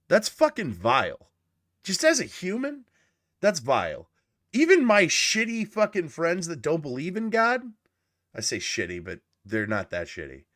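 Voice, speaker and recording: A man's voice: on the high side, huge pitch swings, measured pace, fairly bright tone. A man hosting a reaction video, ranting indignantly with heavy swearing. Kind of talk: casual profane commentary rant.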